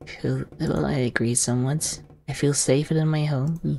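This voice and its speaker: A woman hosting a gaming channel, reading game text aloud and commenting in a soft, low-key way with sudden startled yelps. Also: fairly even intonation, normal speed, vocal fry.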